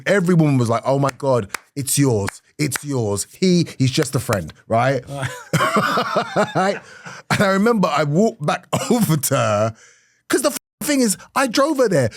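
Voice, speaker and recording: A middle-aged man, a comedian telling an animated story in conversation, swinging from hushed to loud and laughing often. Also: medium pitch, dry recording, clean studio sound. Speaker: comedian guest.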